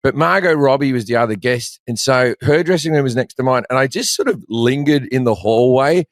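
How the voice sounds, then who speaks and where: A man's voice: medium pitch, lively intonation, fairly quick, no room sound, clean studio sound. Profane Australian man telling stories. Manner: profane, storytelling, rambling. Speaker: comedian guest. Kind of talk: casual chat.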